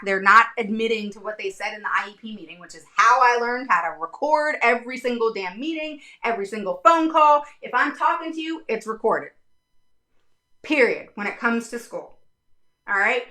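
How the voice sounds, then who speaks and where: Frank, bright-voiced woman advocate. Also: on the high side. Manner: frank, blunt, swears casually. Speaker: special education advocate. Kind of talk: casual talk to viewers.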